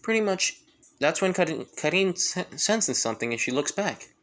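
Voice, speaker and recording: Improvised fan-story narrator who rambles and restarts, middle-pitched voice. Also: big pitch swings, moderate pace, a bit bright. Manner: rambling, full of restarts and fillers.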